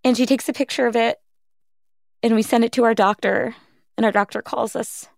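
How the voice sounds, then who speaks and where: With a slightly high, creaky voice and a brisk pace, this woman in her thirties, a podcast host, tells her own story in an interview. The recording is clean studio sound without room noise. She's heartfelt and reflective, frequently quoting others in animated retellings.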